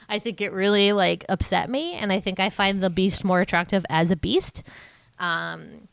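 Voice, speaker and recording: A woman's voice: mid-range voice, unhurried, creaky, clean tone, dry recording. A woman co-hosting a podcast, recapping a film in casual chat with lots of fillers and sarcastic asides. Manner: chatty and sarcastic, full of fillers. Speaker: podcast co-host.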